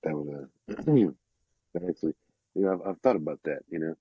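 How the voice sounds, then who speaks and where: A man's voice: extremely low pitch, animated, moderate pace, slightly rough, no echo, muffled recording. A man in casual podcast chat, answering in a laid-back, hesitant way. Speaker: podcast co-host.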